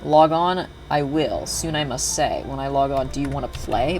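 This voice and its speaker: Over faint background music, a young man talks casually during a gaming livestream, his speech meandering, full of fillers and self-corrections. His voice is medium-pitched with a darkish tone, delivered at a moderate pace.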